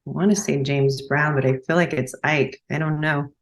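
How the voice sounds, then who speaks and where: A woman's voice: low-pitched, fairly even intonation, normal speed. A woman working as a medium on a podcast, hesitantly passing along what she says she is being told. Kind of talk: conversational relaying of messages.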